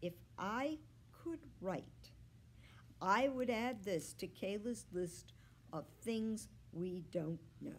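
A woman, a children's librarian, reading a children's book aloud in an expressive, unhurried way. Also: medium pitch, slight background noise.

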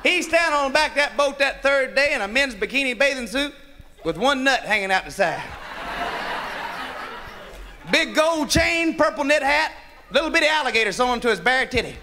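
A stand-up comedian telling a raunchy, profane joke and laughing along with it. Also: male voice, extremely high pitch, expressive, moderate pace, pauses often, background noise. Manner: raunchy, profane, laughing at his own jokes.

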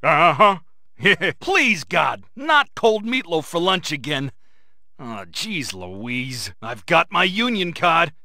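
An actor voicing a brash dock worker in a video game, who grumbles in a rough working-class way. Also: male voice, on the high side, very animated, slow, sharp tone, no room sound, clean studio sound, heavily acted. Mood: grumbling. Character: brash male dock worker, would-be communist intellectual.

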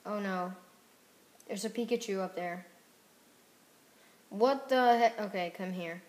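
A woman giving casual gameplay commentary as a YouTuber, mostly murmuring softly, then blurting out excited reactions. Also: mid-range voice, slow. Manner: soft mumbling with sudden excited outbursts. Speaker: gaming YouTuber.

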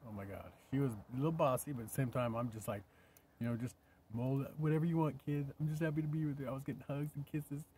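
A man's voice: medium pitch, steady tone, fast talker, mellow, slight background noise. An older man rambling to camera in a casual vlog while camping by his vehicle, sometimes dropping to a whisper. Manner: rambling, drops to a whisper at times. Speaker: vlogger.

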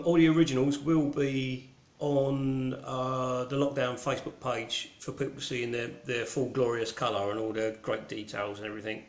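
A man's voice: mid-range voice, reverberant. A man with a Cockney accent hosting an online gallery show in casual, rambling, irreverent chat full of ums. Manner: rambling and irreverent, with many ums and mild swearing. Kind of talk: casual live-stream chat.

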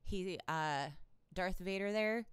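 A woman's voice: mid-range voice, takes it slowly, smooth, no room sound. A woman hosting her own political commentary channel, ranting in an irritated, sarcastic way with plenty of profanity and exasperated laughs.

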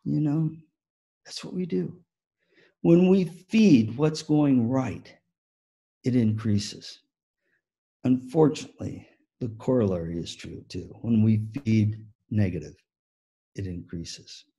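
A man giving a motivational keynote talk on music teaching, an animated storyteller who acts out the story. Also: mid-range voice, slow pace, vocal fry, long pauses, husky. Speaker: music education speaker.

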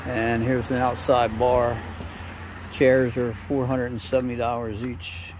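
A man's voice: medium pitch, level tone, a little slow. A man narrating a casual walkthrough, listing prices in a plain, matter-of-fact way on a handheld camera mic. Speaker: camera operator and co-host. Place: outdoors at furniture stores. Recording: outdoor street noise. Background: traffic and outdoor noise.

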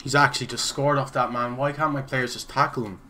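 A man's voice: mid-range voice, fairly even intonation, a little fast, music in the background. A young Irish man giving angry, swearing commentary over his own football video game matches. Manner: swearing, exasperated ranting. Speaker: gaming YouTuber. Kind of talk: raging gameplay commentary.

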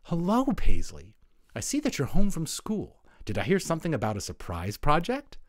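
A man voicing a gentle, proud mother rabbit in a storybook. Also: a little high, huge pitch swings, no room sound, studio quality, voice pushed up. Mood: loving. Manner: gentle, slow.

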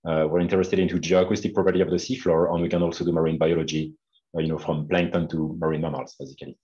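A man's voice: a bass voice, level tone, fast talker, dark tone. A man with a French accent, a non-native English speaker, giving a seminar talk with many hesitant fillers over a video call. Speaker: guest speaker. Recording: dull lo-fi video call audio.

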